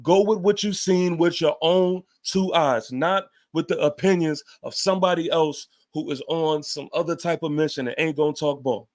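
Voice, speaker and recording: A man's voice: fairly high pitch, normal speed, few pauses. A man hosting a fan show, giving a heated, emphatic post-game rant with casual swearing and repeated points.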